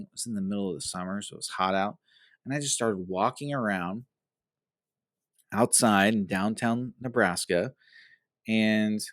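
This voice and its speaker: A man's voice: lowish voice, dry recording. A male podcast host giving a casual, earnest, rambling recap of a reality show episode.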